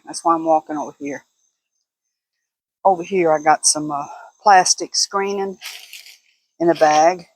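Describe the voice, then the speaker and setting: A woman's voice: lowish voice, no echo, low-quality recording. An older woman chatting casually to camera as a vlogger, laughing often in a folksy way. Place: at home, walking indoors and out.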